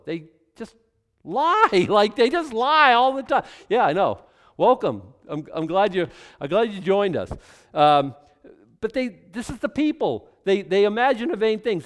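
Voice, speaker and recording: Male preacher, chatty verse-by-verse teacher, voice sitting a bit high and swinging a lot. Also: long reverb tail. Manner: animated and conversational, with repeated restarts. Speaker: pastor teaching a Bible study. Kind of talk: sermon-style verse-by-verse teaching.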